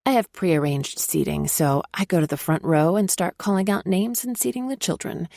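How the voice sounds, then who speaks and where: A woman narrating a first-person romance audiobook, expressive when she voices the teacher's lines. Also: lowish voice, moderate pace, creaky, no room sound, studio quality.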